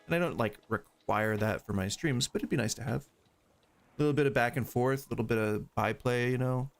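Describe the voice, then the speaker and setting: A man from the Southern United States streams games live, his gravelly mid-range voice moving a little fast with a light twang. He wanders off on wry tangents as he chats casually into his desk mic.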